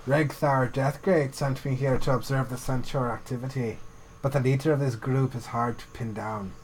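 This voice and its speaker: A man's voice: mid-range voice, fairly even intonation, moderate pace, a little mellow, slight background noise, lightly acted, rough recording. A man voicing a wry troll scout giving a quest, reading the text aloud in a put-on Jamaican accent.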